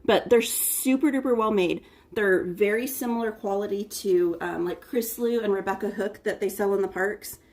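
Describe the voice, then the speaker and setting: Hosting a casual cooking livestream, a woman from the United States chats and greets viewers one by one by name. Her mid-range voice has a darkish tone, normal speed, and few pauses, picked up from afar by a phone's front camera.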